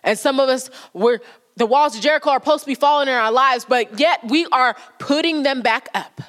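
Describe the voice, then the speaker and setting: A woman's voice: high-pitched, fairly quick, a bit bright. A woman giving a sermon in church, speaking emphatically, repeating key lines and acting out quoted prayers and conversations. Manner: repetitive, emphatic preaching with acted quotes.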